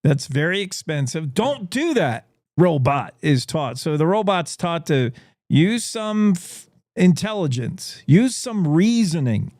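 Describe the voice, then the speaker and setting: Male morning show host, slightly high voice, dry close sound, playful storyteller. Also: lively intonation, measured pace, a little mellow, dry recording. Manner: playful, spins speculative stories. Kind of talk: talk radio monologue.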